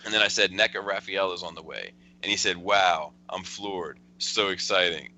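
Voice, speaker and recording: Bright-voiced man reading texts aloud. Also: low voice, normal speed, a little hiss or hum, rough recording. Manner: chuckling, rambling storyteller with restarts. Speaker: podcast host. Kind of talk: casual chat, reading out text messages.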